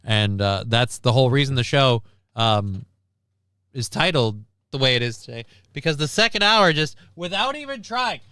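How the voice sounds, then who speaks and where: A man's voice: medium pitch, animated, normal speed, sharp tone, clear, resonant tone, no echo. A man hosting a casual live stream, rambling and wry with crude asides, reading out and thanking viewers. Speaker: stream host.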